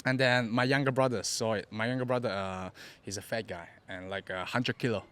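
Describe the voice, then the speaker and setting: Young man, Cantonese-accented English, podcast guest; halting and repetitive, acts out the people in his stories. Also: on the low side, steady tone, smooth. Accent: Hong Kong Cantonese. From Hong Kong. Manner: broken English, repeats words, acts out quotes loudly. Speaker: interview guest. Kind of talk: casual storytelling.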